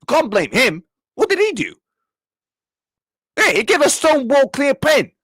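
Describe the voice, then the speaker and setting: A young football reaction streamer with a very high-pitched, fairly bright voice and huge pitch swings rants angrily during a live match, speaking a little slowly. He swears, repeats himself and snaps back at viewers in his chat, all in clean, echo-free studio sound.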